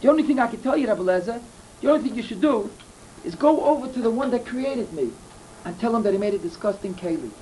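A man voicing a calm, unforgiving disfigured stranger in a told story. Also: extremely high pitch, fast talker, recorded from a distance, slight background noise, low-quality recording. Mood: firm.

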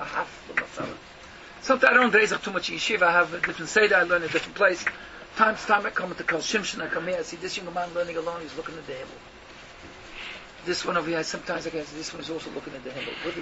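High-pitched man, emphatic yeshiva lecture, rhetorical questions, muffled lo-fi noisy recording. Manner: emphatic, rhetorical questioning, mixes Yiddish and Hebrew terms. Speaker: rabbi giving a Torah talk. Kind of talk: Yiddish-inflected yeshiva lecture. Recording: muffled lo-fi recording with noticeable background noise.

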